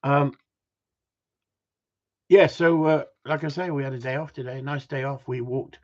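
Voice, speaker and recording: A man's voice: mid-range voice, fairly even intonation, a little slow, lo-fi sound. A man who trains gundogs, chatting on a casual livestream in a blunt, ranting way with mild swearing.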